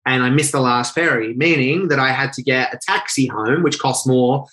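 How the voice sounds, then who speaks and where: A man, a guest telling a personal story in quick, animated bursts with self-corrections. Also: medium pitch, rough recording. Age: 20s. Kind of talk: storytelling in an interview.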